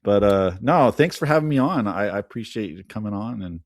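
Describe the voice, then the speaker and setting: A man with a fairly low voice chats as a podcast guest, eagerly telling trivia and anecdotes. The sound is dry and close, with no room around it. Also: lively intonation, fairly quick, dry recording. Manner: enthusiastic storyteller sharing film trivia. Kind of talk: casual chat.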